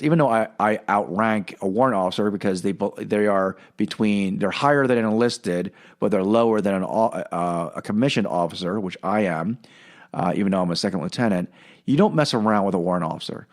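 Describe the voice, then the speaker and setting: A man hosting a podcast, telling a long personal story in a casual, rambling way with lots of fillers and restarts. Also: lowish voice. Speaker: podcast host.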